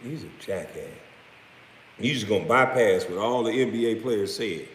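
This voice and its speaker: A man's voice: on the low side, expressive, normal speed. A man in his late thirties, a former pro basketball player, ranting in a heated, profane, mocking way. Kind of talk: profane rant. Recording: echoey room with long reverb, faint noise.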